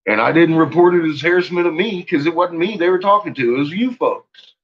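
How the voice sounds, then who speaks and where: A man hosting a livestream in a casual, profane rant, laughing often and swinging from low mutters to loud shouting. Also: fairly quick, dull audio. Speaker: livestream host.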